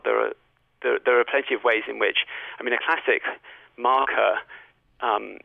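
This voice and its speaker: A male language professor with a British Received Pronunciation accent, explaining in a measured, scholarly way with frequent fillers, heard over a phone line. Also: fairly low pitch, vocal fry, no room sound. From Britain. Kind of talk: explanatory interview talk.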